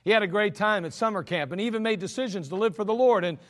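A man's voice: high-pitched, quick pace, a bit bright, big-room sound. A man preaching a sermon as pastor, blunt and exhorting, scolding his listeners directly.

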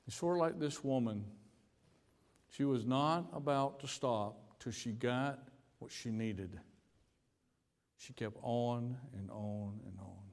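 American preacher in a reverberant hall. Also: male voice, medium pitch. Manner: storytelling, repeats words, stammers on restarts. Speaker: pastor. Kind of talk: sermon with personal story. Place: church sanctuary.

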